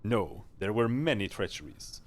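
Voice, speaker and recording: A man's voice: lowish voice, sing-song, moderate pace. A man voicing a stern, tormented male githzerai warrior, reading game dialogue aloud in solemn, formal speech.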